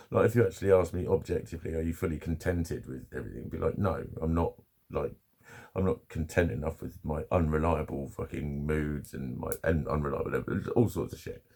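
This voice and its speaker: A man's voice: very deep voice, creaky, darkish tone. A middle-aged man, chatting casually to camera at home, swearing freely and laughing at his own stories. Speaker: vlogger.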